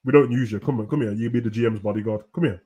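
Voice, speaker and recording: A young man hosting a casual, animated wrestling rant full of slang, at times breaking into shouts. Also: on the low side, very fast, dull audio. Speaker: host. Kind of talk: casual ranting commentary.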